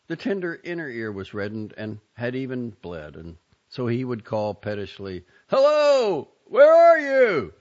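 A man reading short fiction and poetry aloud with an expressive, dramatic delivery, in a dull lo-fi recording. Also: fairly low pitch. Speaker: reader.

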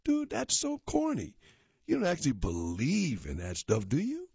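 A nasal, obnoxious teenage boy, as a man reads him aloud, mocking and smug, pitched well above the reader's own husky low voice. The storybook reading sounds dull and lo-fi in a dry room. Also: huge pitch swings, moderate pace, darkish tone, dry recording, heavily acted. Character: boy Elijah, smug teasing older cousin.

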